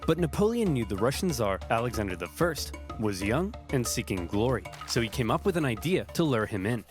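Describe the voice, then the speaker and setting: Man, comedic history narration, brisk and punchy, animated pitch, faint music behind.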